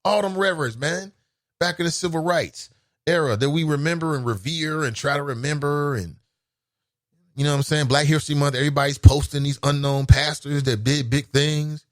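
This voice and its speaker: Here a man with a fairly high voice speaks a little fast, recorded clean in a studio with no echo. He's a Cincinnati call-in talk show host from the United States whose casual chatter includes laughs and exclamations in response to listener comments.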